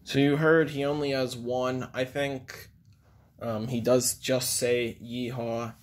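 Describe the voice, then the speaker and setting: A man's voice: medium pitch, level tone, slow. A man giving a casual video review of toys, rambling with frequent ums. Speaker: toy reviewer.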